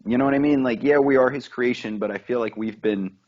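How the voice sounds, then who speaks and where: A man co-hosting a casual talk show, rambling and animated, telling stories packed with fillers and the odd curse word. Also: medium pitch, fast, lo-fi sound. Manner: rambling, animated storytelling with lots of fillers and swearing. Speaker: podcast co-host. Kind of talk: casual chat.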